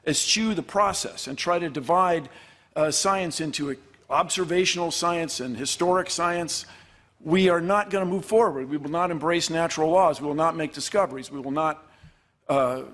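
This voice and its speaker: Guy giving a debate speech, kinda high voice, earnest and emphatic, hammers points by repeating.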